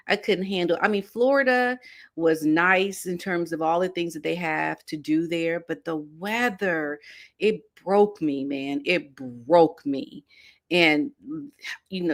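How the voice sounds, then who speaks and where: A middle-aged woman hosting a casual livestream chat from home, relaxed and chatty with playful asides. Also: fairly low pitch. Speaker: host.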